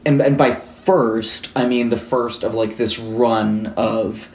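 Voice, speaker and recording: A man's voice: mid-range voice, fairly even intonation, takes it slowly, darkish tone, reverberant, slight background noise. A young man co-hosting a podcast, telling a true-crime story in casual chat, rambling with lots of "like" and casual swearing. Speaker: podcast co-host.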